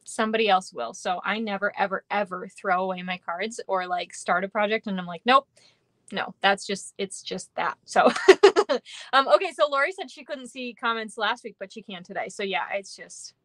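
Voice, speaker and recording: A woman chats her way through a live craft stream, rambling between fillers and quick laughs. Her voice is bright and lively in tone, sitting at an ordinary pitch for a woman. The sound is close and dry, with no room echo. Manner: chatty and rambling, with many fillers and frequent laughs. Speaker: stamping demonstrator hosting a live craft class. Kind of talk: casual livestream chat.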